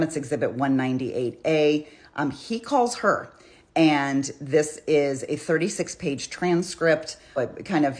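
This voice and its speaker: A woman talking casually about a criminal case, chatty and quick to restart her sentences. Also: extremely low pitch. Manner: chatty, restarts often, reads out quotes with feeling. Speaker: true crime commentator. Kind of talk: casual true crime commentary.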